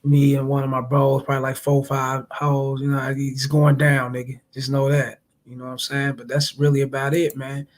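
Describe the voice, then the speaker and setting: A man's voice: mid-range voice, completely flat delivery, moderate pace, few pauses. A man hosting a casual livestream, answering viewers in loose, profane slang and talking straight to his chat.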